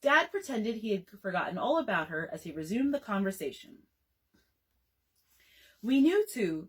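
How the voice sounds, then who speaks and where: A woman librarian reading a bedtime story aloud in an expressive, storytelling way. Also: medium pitch, slightly rough, rough recording.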